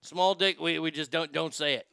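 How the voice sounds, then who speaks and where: A man's voice: fairly high pitch, steady tone, moderate pace, creaky, bright, forceful tone, clear, resonant tone, no room sound. A man hosting a casual, profane, sarcastic comedic rant. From Texas. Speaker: host.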